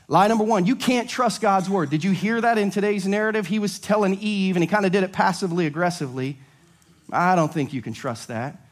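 A male pastor preaching a sermon, animated and acting out little dialogues as he goes. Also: high voice.

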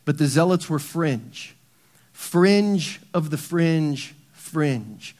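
Middle-aged pastor guy preaching in church, kinda high voice, goes quiet then punches words loud. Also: lively intonation, drawn-out words. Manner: dramatic preaching, swings between hushed and loud emphasis. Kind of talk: sermon.

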